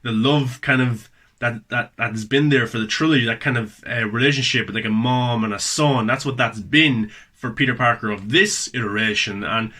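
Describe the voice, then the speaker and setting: A man's voice: medium pitch, moderate pace, pushed and bright. A man hosting a casual spoken movie review, enthusiastic and repeating words for emphasis.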